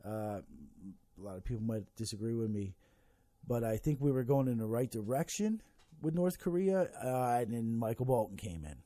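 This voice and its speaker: A man hosting a casual political rant, swearing heavily and wandering off track as he talks. His voice is dark and mellow, recorded close and dry with no room sound. He fills gaps with ums and uhs as he thinks aloud. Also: mid-range voice, expressive, moderate pace, no echo. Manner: profane, rambling, heavy swearing with many fillers.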